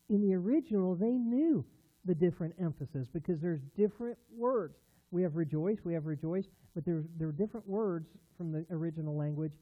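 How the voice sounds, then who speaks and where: A man preaching as a pastor, telling a story in a conversational sermon style, earnest and rising to emphatic bursts. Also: on the high side. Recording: tinny phone-like sound.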